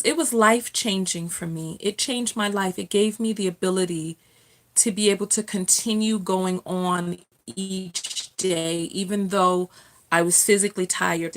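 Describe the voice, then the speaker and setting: A woman's voice: mid-range voice, fairly bright tone. A woman hosting a casual live stream from home, chatting with viewers, reading their comments aloud and laughing often.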